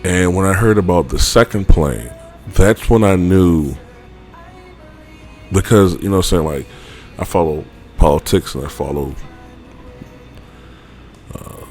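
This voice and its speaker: A man's voice: very deep voice, darkish tone. A man vlogger telling a personal story in a rambling, casual way, full of fillers and offhand swearing.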